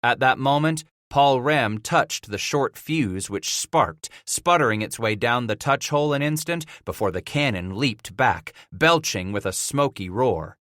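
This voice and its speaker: A man narrating a frontier audiobook in a measured, vivid way. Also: medium pitch, lively intonation, sharp tone, no echo, clean studio sound.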